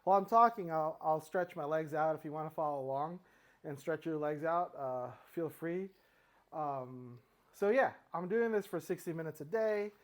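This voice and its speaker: A man's voice: on the high side, normal speed. A middle-aged man talking casually through his stretching routine, a little out of breath, rambling with fillers and restarts. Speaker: fitness vlogger. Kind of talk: casual talk while exercising.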